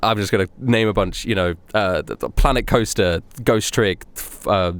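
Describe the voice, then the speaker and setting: A man's voice: lowish voice, normal speed, smooth, no echo. A young man co-hosting a casual podcast chat, joking and rambling with many restarts. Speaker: podcast co-host.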